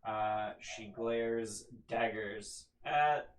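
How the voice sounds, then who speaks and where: A man running a tabletop game as game master, narrating events in a relaxed way full of fillers. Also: on the low side, drawn-out words, roomy sound, rough recording. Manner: relaxed, filler-heavy descriptions.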